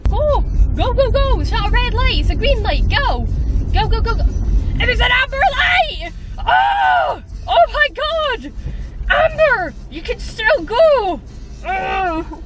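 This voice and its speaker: A woman's voice: very high-pitched, big pitch swings, unhurried. A Scottish woman in her twenties ranting and swearing at traffic while driving a car. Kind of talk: driving vlog rant. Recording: distant car mic, loud music.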